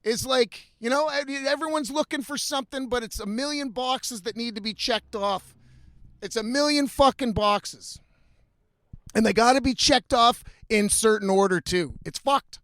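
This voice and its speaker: A young man with a fairly high voice rants bluntly about his life, swearing freely and sounding fed up. The sound is dry and close, with almost no room around it. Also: moderate pace, bright, forceful tone, no echo. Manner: profane, blunt, frequently exasperated. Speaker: vlogger. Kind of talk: casual storytelling rant.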